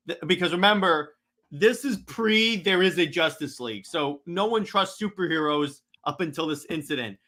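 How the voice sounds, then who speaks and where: An excitable man recapping a comic book in a loose, rambling way, full of fillers and restarts. His voice is bright and forceful, sitting a little high. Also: normal speed. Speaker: comic reader.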